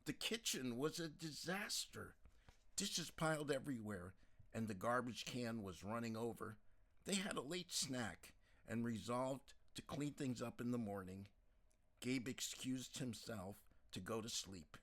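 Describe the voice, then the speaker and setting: A man narrating a novel as an audiobook, in a calm, measured storytelling manner. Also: mid-range voice.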